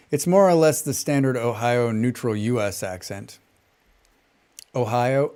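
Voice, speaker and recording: A man with a flat General American accent, a game streamer chatting casually while he plays, rambling from point to point and humming little tunes to himself between remarks. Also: mid-range voice, a little slow, clean tone. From western United States. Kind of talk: casual chat while gaming and reading chat.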